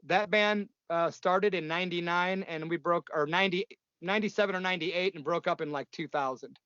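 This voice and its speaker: This man in his fifties talks in a blunt, profane, rambling way, full of fillers and restarts. His voice sits a bit high for a man. The sound is dry and dull, like lo-fi remote audio. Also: brisk, sharp tone, smooth, dry recording. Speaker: punk musician guest. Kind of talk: casual interview storytelling.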